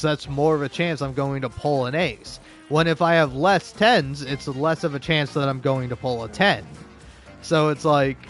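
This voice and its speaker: Rambling, profane man over game music. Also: a little high. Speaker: gaming YouTuber. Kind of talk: casual let's-play commentary.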